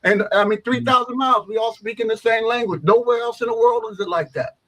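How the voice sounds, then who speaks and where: Middle-aged man, radio talk host, high voice, rambling, opinionated. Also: quick pace, fairly bright tone, poor audio. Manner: rambling, opinionated, frequent "you know what I'm saying".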